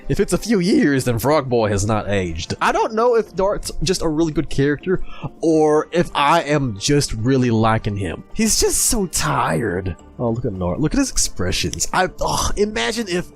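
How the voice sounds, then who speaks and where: A man hosting a video, chatting casually and gushing excitedly as he reads through comics, laughing often. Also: fairly high pitch, normal speed, faint music behind. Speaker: video host. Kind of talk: casual commentary while reading comics.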